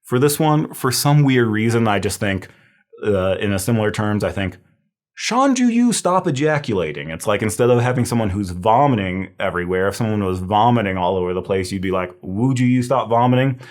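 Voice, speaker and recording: A man's voice: fairly low pitch, brisk. A man lecturing on herbal medicine in a casual, thinking-aloud way, with fillers and restarts. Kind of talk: recorded review lecture.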